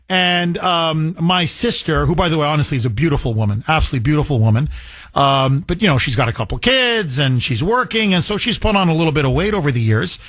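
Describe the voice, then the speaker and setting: A man hosting a talk radio show, emphatic and excitable, laughing often. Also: a little high, no room sound, clean studio sound.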